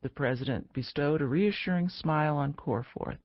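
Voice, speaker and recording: A man reading a political thriller audiobook in steady narration. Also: a little high, moderate pace, no echo, highs cut off.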